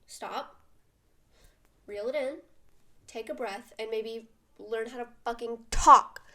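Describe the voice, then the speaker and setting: Animated teenage girl venting a story. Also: high voice. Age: teens. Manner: animated, venting, many fillers. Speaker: vlogger. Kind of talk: casual storytime vlog.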